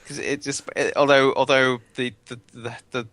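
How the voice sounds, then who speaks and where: A man's voice: mid-range voice, level tone, moderate pace, fairly bright tone, dry recording. A man chatting casually on a gaming podcast, telling rambling stories and often repeating his words. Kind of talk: casual chat.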